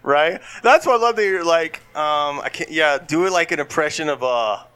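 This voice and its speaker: Bright-voiced joking man. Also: on the high side, normal speed, clean tone. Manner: laughing often, trying out impressions. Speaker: podcast co-host. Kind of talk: casual comedic chat.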